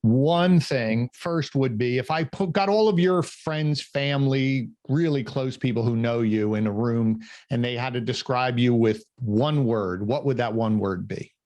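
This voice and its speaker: A man's voice: medium pitch, unhurried, hardly any pauses, a little mellow. A man hosting an interview podcast, talking with enthusiasm and asking wrap-up questions. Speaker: podcast host. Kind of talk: interview conversation.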